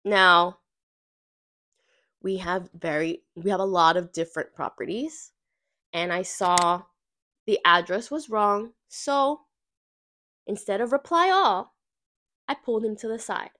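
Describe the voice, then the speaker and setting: In this clip, a woman with a mid-range voice hosts a podcast and rants casually about something that happened at work. She speaks unhurriedly with long pauses, sassy and profane, acting out the people she quotes in lively fashion.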